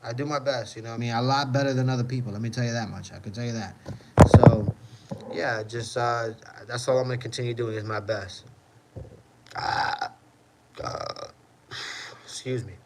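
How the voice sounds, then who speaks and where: A man's voice: mid-range voice, steady tone, normal speed, pauses often, darkish tone, a little hiss or hum, rough recording. A man hosting a casual livestream, reading chat comments and answering in a rambling way, often repeating "you know what I mean".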